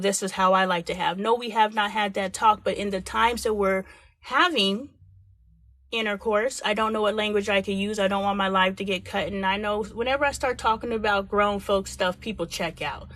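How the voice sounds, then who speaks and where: A woman in her forties hosts a live stream, speaking frankly and animatedly in candid talk and acting out quoted voices. Her mid-range voice is steady and a bit bright, at normal speed with no echo.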